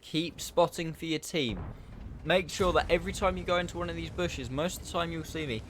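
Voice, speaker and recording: A man's voice: on the high side, a little fast, a bit bright, a little hiss or hum. A man giving casual, chatty commentary over his own gameplay, explaining tactics and poking fun at himself.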